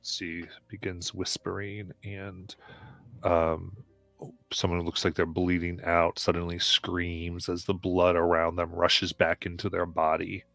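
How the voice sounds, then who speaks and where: A man runs a tabletop game on a live stream, his voice very low and his pace slow. He pauses often with ums and uhs as he describes the scene. The sound is dry and close, with faint music underneath. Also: monotone, gravelly, fairly bright tone, dry recording. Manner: halting, many ums and uhs. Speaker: game master.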